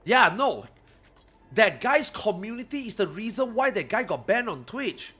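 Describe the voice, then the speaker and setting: A man streaming games live, chatting casually and ranting with lots of swearing, getting loud when worked up. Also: sits high, very animated, a little slow, husky. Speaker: gaming streamer.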